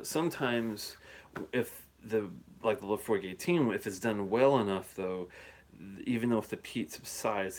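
Man, low-pitched, casual live-stream chat, rambling, lots of fillers. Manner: rambling and chatty, with frequent fillers and chuckles. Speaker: whisky reviewer hosting a live show. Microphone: phone or handheld device he plugs in and holsters.

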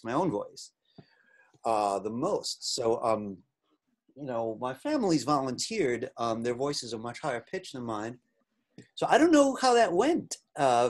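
A man teaching an online class, talking casually with many fillers while he demonstrates software. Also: medium pitch. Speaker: instructor.

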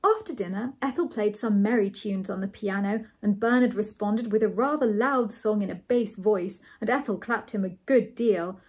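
A woman reading a novel aloud as a storyteller, measured and gently amused. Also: medium pitch, husky.

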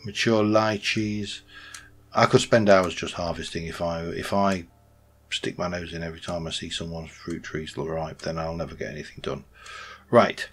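With a low voice that's a bit bright, a Minecraft let's play host rambles casually through his gameplay commentary, thinking aloud and correcting himself. A little hiss or hum can be heard in the recording.

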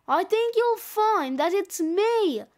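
A woman voicing a crowd of jolly, booming male Santa clones who shout and squabble. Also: expressive, slow pace, heavily acted. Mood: shouting, squabbling.

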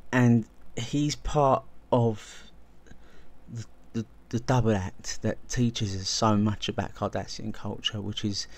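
A man's voice: lowish voice, fairly even intonation, slow, a little mellow. A man hosting a video essay, talking casually and enthusiastically, often restarting and repeating words as he goes. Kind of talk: casual spoken video commentary.

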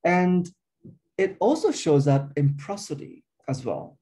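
A man gives an academic linguistics lecture in a mellow, slightly raised voice, with big pitch swings. He walks through each point step by step in an explanatory way, thinking aloud. Frequent uh and um fill his pauses.

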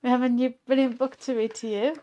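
Higher-voiced female co-host. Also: level tone, quick pace, warm tone, dull audio. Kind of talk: community live stream.

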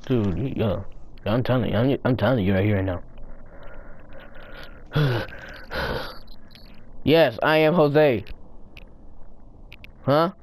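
A man giving rowdy, profane commentary while playing a game, often breaking into loud high-pitched yells. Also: a little slow, long pauses, slight background noise. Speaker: gamer recording his play. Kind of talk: casual gaming commentary.

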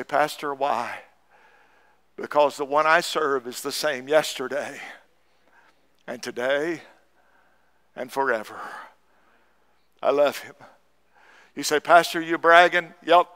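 Fervent preacher man, clear voice. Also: medium pitch. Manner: fervent Southern preaching, rising to shouts. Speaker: pastor. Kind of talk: sermon. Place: church sanctuary.

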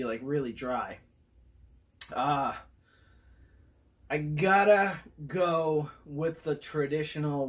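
A man hosting a casual food review vlog, excitable and talking while he chews. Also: a little high. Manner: excitable, talks while chewing.

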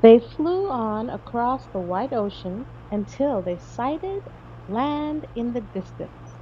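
Woman storybook narrator: high-ish voice, very animated, unhurried, in a slightly dull recording. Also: a little hiss or hum. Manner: slow, expressive read-aloud. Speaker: audiobook narrator. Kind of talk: children's storybook reading.

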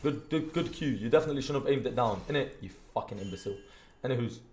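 A young British man streaming a game, commentating live with profane trash talk and sudden shouts. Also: medium pitch, lively intonation, quick pace. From Britain. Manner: trash-talking, profane, erupts into shouts and sing-song bits. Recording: roomy with faint background hiss.

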